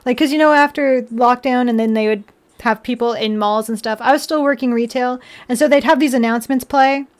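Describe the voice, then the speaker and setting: A woman's voice: fairly high pitch, fairly quick. A young woman chatting casually on a live stream, giggly and rambling, with lots of "like" and restarts. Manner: chatty and giggly, full of "like" and restarts, baby-talks to her pets.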